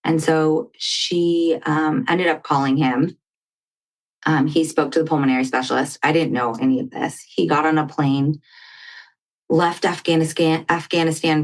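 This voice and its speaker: A woman guest on a talk show, telling a personal story in conversation and acting out what others said. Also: low voice. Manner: animated storytelling, acting out quoted dialogue. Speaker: podcast guest.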